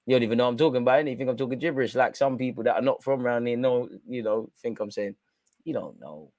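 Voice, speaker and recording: A young man gives casual football commentary on a live stream, slangy and chatty, talking right at his viewers. His voice sits at an ordinary pitch, and the sound is close and dry with no room around it. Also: fairly even intonation, racing, a little mellow, no echo.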